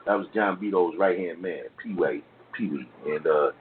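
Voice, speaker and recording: A middle-aged man speaks as an interview guest, his voice sitting a little low. He tells his stories in loose street slang, often tagging his sentences with "man" and "you know what I'm saying". The sound is thin and phone-like, with a faint hiss underneath. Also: moderate pace. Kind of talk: casual storytelling in an interview.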